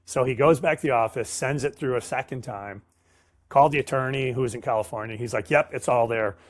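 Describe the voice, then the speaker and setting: This is a middle-aged sales professional, a guest in a casual storytelling interview, whose medium-pitched voice moves fairly quickly with no room sound. He tells his tales with animation, slipping into slang and acting out the dialogue.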